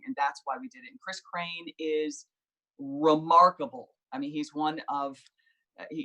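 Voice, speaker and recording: A woman's voice: deep voice, fairly bright tone, rough recording. A woman singer-songwriter, a guest in a casual video interview, giving earnest, encouraging advice.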